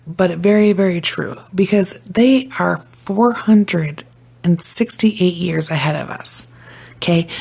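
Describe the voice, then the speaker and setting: A young woman from Idaho talking casually into her phone, rambling and swearing with excitable energy. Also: fairly low pitch, vocal fry, slightly rough. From Idaho, USA. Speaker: vlogger. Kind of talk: casual commentary to camera.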